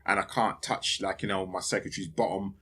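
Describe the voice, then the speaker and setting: A man's voice: deep voice, fairly even intonation, fairly quick, sharp tone, a little hiss or hum. A man hosting a podcast, rambling and profane in a casual solo monologue, laughing often. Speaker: podcast host.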